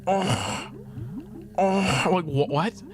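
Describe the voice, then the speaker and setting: A man's voice: high voice, very slow. A man streaming a video game, chatting casually, laughing often and swearing freely. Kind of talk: casual gaming stream chat. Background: game music.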